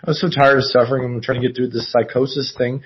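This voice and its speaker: A man talking on a video call in a rambling, halting way, hesitating often and restarting his sentences. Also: mid-range voice, flat delivery. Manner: meandering, halting, many fillers and restarts. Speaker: caller. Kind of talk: rambling casual chat. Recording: muffled lo-fi video call audio.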